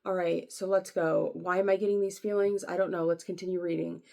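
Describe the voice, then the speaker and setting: Gravelly-voiced woman, blunt spiritual vlogger. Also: on the low side, flat delivery, brisk. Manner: blunt and profane, swings from soft reading to frustrated outbursts. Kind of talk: casual spiritual vlog, reading quotes aloud.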